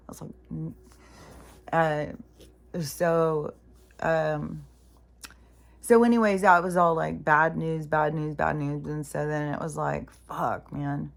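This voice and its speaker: A woman's voice: low-pitched, creaky. A woman venting in a rambling, profane monologue for her vlog, sounding mentally exhausted. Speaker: spiritual vlogger.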